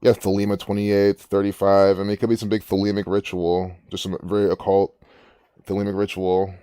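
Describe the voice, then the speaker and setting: Low-voiced man musing aloud, dry sound. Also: little pitch movement, a little fast, mellow, clean tone, no echo. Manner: rambling, musing aloud with frequent restarts. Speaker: gematria channel host. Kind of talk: casual rambling commentary.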